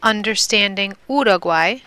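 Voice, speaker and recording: Bright, crisp woman teaching Spanish. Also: mid-range voice, a little slow. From Milwaukee, Wisconsin, USA. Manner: clear, patient, repeats and drills words. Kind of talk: recorded classroom lesson.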